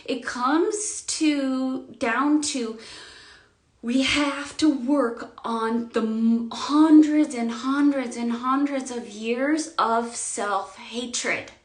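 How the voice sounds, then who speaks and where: A woman giving an emotional spiritual monologue, swinging between loud outbursts and quiet murmurs, near tears. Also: high-pitched, drawn-out words, roomy sound. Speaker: spiritual vlogger.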